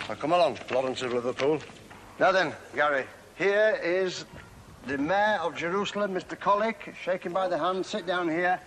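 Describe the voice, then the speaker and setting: A man's voice: high-pitched, moderate pace, a bit bright, slight background noise, poor audio. A man hosting a TV travel segment outdoors, talking in an exuberant, coaxing showman's way. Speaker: TV host. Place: outdoors on a hot day.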